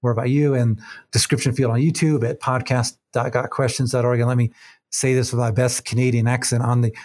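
A man hosting a podcast, asking measured, halting questions and wrapping up the interview. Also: medium pitch, darkish tone. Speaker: podcast host.

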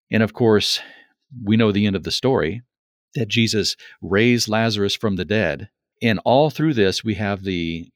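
A man's voice: lowish voice, no room sound, studio quality. A man in a conversational Bible discussion, speaking in an earnest, reflective way and repeating words for emphasis. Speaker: Bible teacher.

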